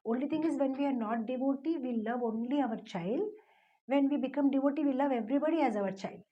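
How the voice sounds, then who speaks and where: A woman's voice: high voice, fast, lo-fi sound. A middle-aged woman giving a conversational devotional talk, full of fillers, answering a question. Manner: conversational, many fillers, tells a story. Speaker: spiritual teacher.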